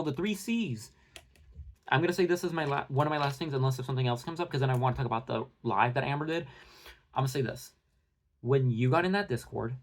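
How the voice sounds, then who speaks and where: Give me a young man with a higher voice doing a heated, profane rant. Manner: fast bursts of talk with many fillers. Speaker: commentary channel host. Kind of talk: heated casual rant to viewers.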